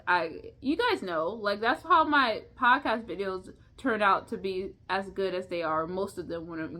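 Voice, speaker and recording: A woman's voice: medium pitch, bright, forceful tone. A young woman talks to her viewers in a loose, unscripted vlog. She rambles from thought to thought, stumbles and restarts words, and laughs often as she goes. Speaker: vlogger. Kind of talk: casual unscripted vlog chat.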